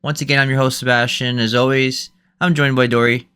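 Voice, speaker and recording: A man hosting a casual gaming podcast, running through the news in a relaxed, lightly joking way. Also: medium pitch, fairly quick, clean tone. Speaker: podcast host.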